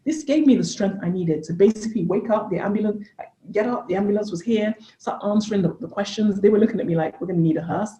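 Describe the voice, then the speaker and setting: A woman in her thirties, a podcast guest and coach, telling an earnest personal story in an animated way. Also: medium pitch, quick pace, few pauses, roomy sound, poor audio. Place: living in England.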